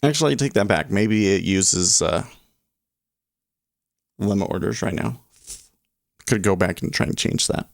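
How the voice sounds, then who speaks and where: A man's voice: lowish voice, lively intonation, measured pace, vocal fry, pauses often, no room sound, studio quality. A man hosting a day trading livestream, rambling casually and chuckling as he reads chat aloud.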